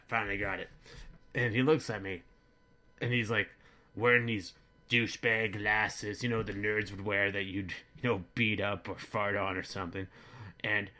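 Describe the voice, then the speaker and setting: Man doing a boorish bigoted dad rambling. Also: fairly low pitch. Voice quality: bright-toned, rambling, crude. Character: boorish bigoted middle-aged American dad. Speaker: comedy vlogger in character. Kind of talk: comedic character monologue.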